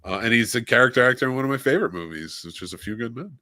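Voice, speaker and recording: A man's voice: mid-range voice, animated, rapid-fire, bright, forceful tone, no echo, clean studio sound. A man co-hosting a film podcast in casual chat, enthusiastic and stopping often for "uh". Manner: enthusiastic, listy, many "uh" fillers. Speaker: podcast co-host.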